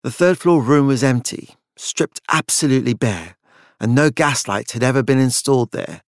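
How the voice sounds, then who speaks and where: Man narrating a dark story, dry close mic. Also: mid-range voice, lively intonation, moderate pace, no echo. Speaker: audiobook narrator.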